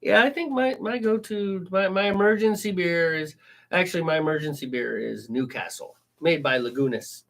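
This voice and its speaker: A man co-hosting a casual home-brewing show, chatting and joking about beers in animated banter. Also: a little high, moderate pace, vocal fry. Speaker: co-host. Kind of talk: casual chat.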